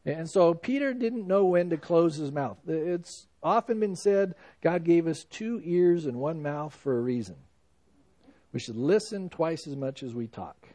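A man's voice: fairly high pitch, lively intonation, unhurried, dark tone. A male pastor giving a sermon in a conversational preaching style, with frequent "you know" asides.

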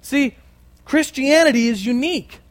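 A man preaching a sermon and telling a story, animated and conversational with many asides. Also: extremely high pitch, moderate pace. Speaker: pastor.

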